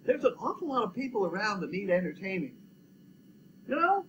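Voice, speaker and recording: A man's voice: sing-song, brisk, fairly bright tone, slight background noise, low-quality recording. An older man, musing and rambling in a casual chat about building projects and dogs. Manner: rambling, musing, low-key.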